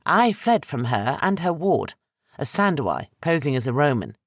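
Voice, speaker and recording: A man's voice: a little high, big pitch swings, normal speed, fairly bright tone, no room sound, studio quality, pitched above the performer's own voice, full character voice. A man voicing a frightened, defiant young Roman noblewoman in a raised, tense voice for an audiobook.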